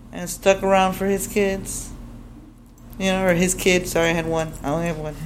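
Profane, animated woman storyteller. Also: mid-range voice, gravelly, a little hiss or hum. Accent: Chicago. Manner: profane, animated, acts out quoted voices. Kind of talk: live storytelling on stage. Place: stage before a live audience.

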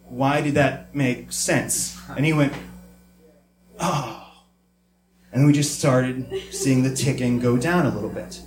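A man's voice: medium pitch, echoey room. A man telling a comic family story on stage before a live audience, acting out family voices.

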